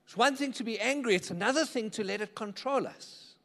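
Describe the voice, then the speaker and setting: High-voiced pastor preaching. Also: male voice, brisk, creaky, sharp tone, big-room sound. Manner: conversational, checks in with the congregation. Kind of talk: sermon. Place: church.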